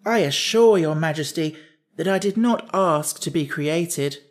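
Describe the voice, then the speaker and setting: A man's voice: fairly high pitch, a little slow, lightly acted. A man voicing a simple, earnest wooden man with a pumpkin head, eager to please, in a storybook audiobook. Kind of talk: audiobook character voice.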